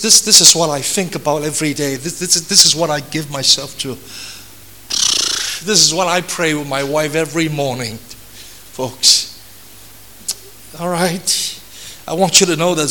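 A high, bright male voice preaching with earnest conviction. He is an older pastor who circles back on his phrases, repeating them for emphasis, and keeps turning to his listeners as folks. His tone stays sharp and ringing throughout the sermon.

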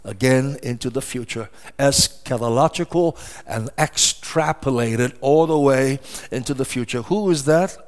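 Slow, emphatic male preacher. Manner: emphatic preaching with sudden rises in pitch and volume; repeats phrases for emphasis. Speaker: pastor. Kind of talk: sermon.

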